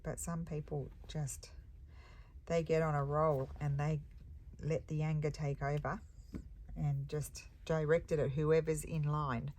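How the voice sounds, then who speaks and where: Low-pitched woman crafter, casual stitching chat, meandering and musing. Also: little pitch movement, measured pace, a little mellow. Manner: rambling, chatty, thinks aloud with hums and ums. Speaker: embroidery crafter and shop owner.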